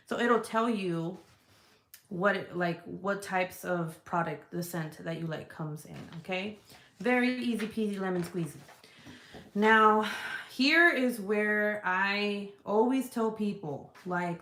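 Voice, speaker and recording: Talking directly to her viewers in an echoey room, an online seller of home fragrance products rambles casually about her wares at an unhurried pace. Her medium-pitched voice is fairly bright, and she laughs and swears freely throughout.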